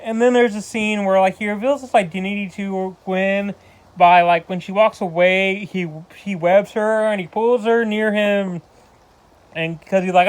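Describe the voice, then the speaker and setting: A man's voice: high voice, fairly even intonation, measured pace, clear, resonant tone. A man giving a casual spoken film review, rambling with frequent restarts and loose asides. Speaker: movie reviewer.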